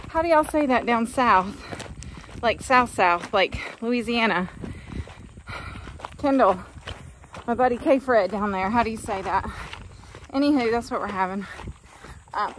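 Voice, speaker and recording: A woman's voice: a little high, measured pace, pauses often, fairly bright tone, slight background noise. A middle-aged woman vlogging casually from her farm, chatty and folksy as she rambles along. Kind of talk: casual vlog chat. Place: outdoors on a farm.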